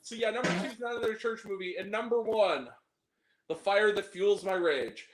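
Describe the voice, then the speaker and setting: A man co-hosting a casual podcast chat about movies, animated, swearing freely and breaking into laughter and exaggerated reactions. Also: high-pitched, moderate pace, echoey room, low-quality recording. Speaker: podcast co-host.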